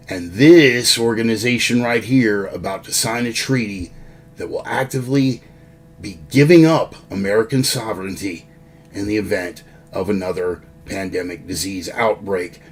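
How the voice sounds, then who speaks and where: A man's voice: medium pitch, husky. A man delivering a sardonic, ranting political sermon as an online preacher, swearing and mocking.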